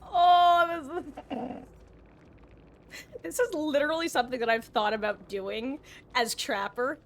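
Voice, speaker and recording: A woman's voice: on the high side, fairly bright tone, a little hiss or hum. A woman streaming herself playing a game, with playful, goofy commentary and frequent laughter. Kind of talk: livestream gameplay commentary.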